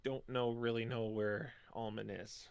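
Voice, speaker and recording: A man's voice: medium pitch, little pitch movement, unhurried, gravelly, clean tone, no echo. A man playing a tabletop game, thinking aloud in a tentative, hedging way. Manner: thoughtful and tentative, with ums and hedges. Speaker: player.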